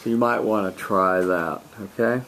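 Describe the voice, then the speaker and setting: A man who coaches debate, giving a student measured spoken feedback on a speech in a classroom, with frequent ums. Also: fairly low pitch, fairly bright tone, a little hiss or hum.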